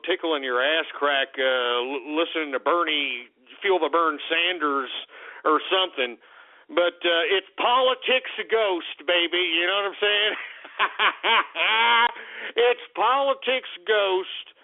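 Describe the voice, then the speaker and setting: A man hosting a talk radio show, rambling in a profane monologue full of fillers and sudden outbursts. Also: on the high side. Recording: tinny phone-like radio broadcast.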